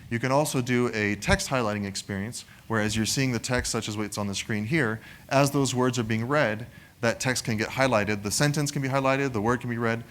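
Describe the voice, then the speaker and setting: A man's voice: mid-range voice, fairly quick, a bit bright. A man giving a conversational technical product presentation, often adding "right?" to his points. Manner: conversational, frequent "right?" tag questions.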